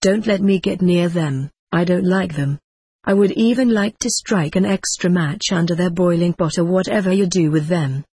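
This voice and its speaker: A disdainful old man author in a storybook, brushing off every offer with curt scorn, as the reader plays him. The voice is husky and the sound is close and dry. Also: medium pitch, normal speed, darkish tone, no room sound. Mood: scornful. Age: older.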